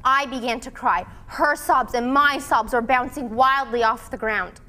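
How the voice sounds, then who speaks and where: A woman giving a dramatic solo performance of a novel's excerpts, with a slow, deliberate and emotionally charged delivery. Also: on the high side, fairly even intonation, sharp tone, a little hiss or hum.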